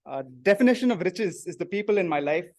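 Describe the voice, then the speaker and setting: Man, fairly high voice, grammarian report, quoting phrases, a few uhs. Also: expressive, fast talker. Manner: reads out quoted phrases, some hesitant fillers. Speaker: meeting grammarian. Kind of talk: club meeting report.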